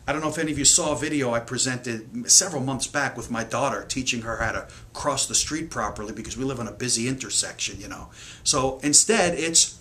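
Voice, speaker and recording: A man's voice: medium pitch, a little fast, sharp tone, a little hiss or hum. A middle-aged man coaching parents in an earnest, emphatic lesson to camera, acting out the lines parents say.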